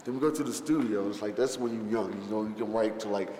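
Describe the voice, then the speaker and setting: A man's voice: lowish voice, fast. Rambling, profane man in a roomy space. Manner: rambling, profane, filler-heavy storytelling. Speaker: rapper recalling a film shoot. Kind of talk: interview reminiscence. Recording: roomy space with long reverb, faint background noise.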